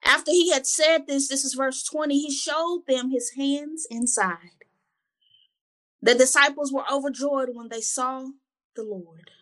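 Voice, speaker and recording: A woman's voice: high voice, a little slow, a bit bright. A woman reading Bible verses and reflecting on them in an earnest, conversational way, often repeating words as she gathers her thoughts. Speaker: Bible study co-host.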